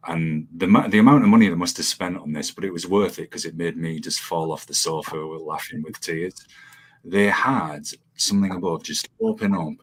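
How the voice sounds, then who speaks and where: A man's voice: sits low, moderate pace, slightly rough. A man hosting a casual chat, rambling with many fillers and frequent laughter. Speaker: podcast host.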